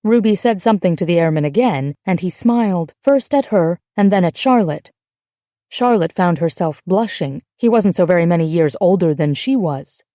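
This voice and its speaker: Mellow-voiced woman narrating an audiobook. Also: lowish voice, no echo, studio quality. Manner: even, measured storytelling. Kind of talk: scripted narration.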